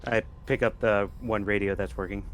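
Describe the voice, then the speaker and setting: Low-voiced relaxed man at a game table. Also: moderate pace. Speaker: player. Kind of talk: casual tabletop role-play.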